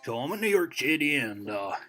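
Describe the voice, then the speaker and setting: A man's voice: medium pitch, big pitch swings, fairly quick, bright, forceful tone. A man playing a very old, boastful American storyteller who rambles and digresses in a folksy way, full of "you know" fillers. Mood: rambling. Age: over 60. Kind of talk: comedic character monologue.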